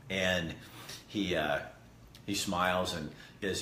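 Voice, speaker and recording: A man's voice: low voice, normal speed, pushed and bright. A man hosting a casual vlog, rambling and earnest as he tells a story and talks to viewers. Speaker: host. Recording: echoey room with faint background noise.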